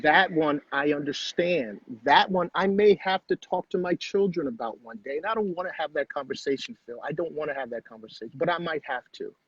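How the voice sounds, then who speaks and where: Middle-aged male guest, husky, slightly high voice; earnest, repeats himself for weight; dull lo-fi home recording. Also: brisk, few pauses, fairly bright tone, no echo. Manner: earnest, repeats phrases for emphasis. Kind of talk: personal storytelling in conversation.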